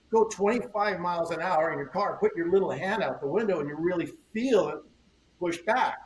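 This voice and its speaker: A man's voice: fairly high pitch, slight background noise. An older man, a surfboard shaper guesting on a podcast, telling stories in a rambling way, repeating words and acting out conversations. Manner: rambling, repeats words, acts out quoted exchanges. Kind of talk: casual interview storytelling. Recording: roomy echo, faint ambience.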